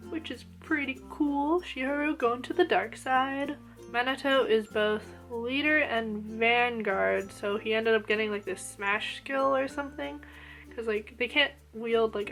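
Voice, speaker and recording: Gushing young woman reviewing anime. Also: a little high. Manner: gushing and animated, lots of "like" fillers. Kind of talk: casual episode review.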